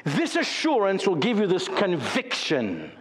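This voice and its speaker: A man preaching a sermon as pastor, acting out the voices of biblical figures in lively bursts. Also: sits high, a little slow. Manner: acts out voices of biblical figures with animated shifts. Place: church sanctuary. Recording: church hall reverb.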